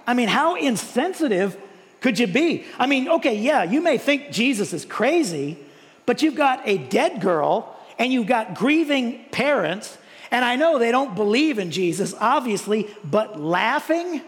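A man preaches to his congregation, chatty and animated, doubling back on his words. His voice rings out with the long reverb of a large church hall. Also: very high-pitched, unhurried. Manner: animated, conversational preaching with repeated words and rhetorical questions. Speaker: pastor. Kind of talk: sermon.

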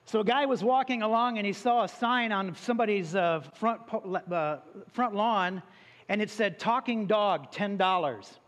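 Pastor, male, higher voice, casual preaching style, ringing church hall. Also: normal speed, a bit bright. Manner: prays then tells a joke, conversational preaching. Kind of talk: sermon. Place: church sanctuary. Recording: long hall reverb.

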